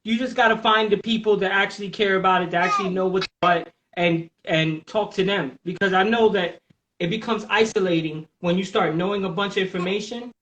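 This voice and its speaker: This man's voice is high and a little fast, and the recording quality is low. He hosts a casual live podcast, talking bluntly and animatedly with plenty of profanity while pulling listeners in with questions.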